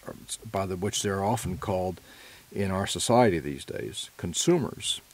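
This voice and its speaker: Low-voiced man giving an earnest lecture. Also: a little mellow. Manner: earnest and measured, with occasional self-corrections. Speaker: presenter. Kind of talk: prepared lecture.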